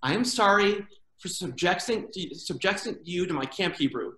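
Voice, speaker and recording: A man's voice: high-pitched, normal speed. Guy doing standup jokes, voice jumps all over, echoey room. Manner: animated joke-telling with funny put-on quoted voices. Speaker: stand-up comedian. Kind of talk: comedy routine. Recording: roomy echo.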